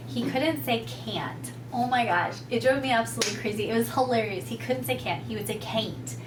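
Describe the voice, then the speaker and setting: A woman speaks with heartfelt affection, reminiscing in a personal video tribute. Her voice sits back from the microphone in an echoing room. A clear steady noise runs underneath. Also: mid-range voice. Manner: heartfelt, reminiscing, laughs fondly. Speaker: widow paying tribute. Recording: roomy, distant mic with clear background noise.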